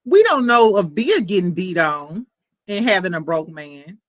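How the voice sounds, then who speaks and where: A woman's voice: lowish voice, very animated, unhurried, dry recording. A woman hosting a casual gossip show, chatty and sassy, laughing often. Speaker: podcast host.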